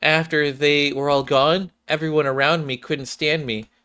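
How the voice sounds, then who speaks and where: A shy android girl with a stammer and a steady note of self-pity, as a man puts her on in a high falsetto. She sounds small and easily shaken, the way a nervous fighter in a game story might. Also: moderate pace, clean tone. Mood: tearful. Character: timid tearful young female android fighter.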